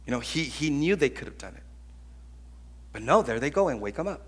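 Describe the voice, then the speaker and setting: A man preaching a sermon as pastor, telling stories in an animated, conversational way with acted-out voices. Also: medium pitch, a little fast, breathy edge. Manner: conversational, with frequent restarts.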